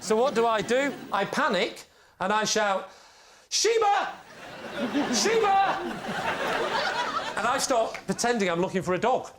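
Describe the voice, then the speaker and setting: A man on a comedy panel show, telling a comic anecdote and acting out the shouts. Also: sits high, brisk, over a noisy crowd, very noisy. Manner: animated storyteller, shouts in character.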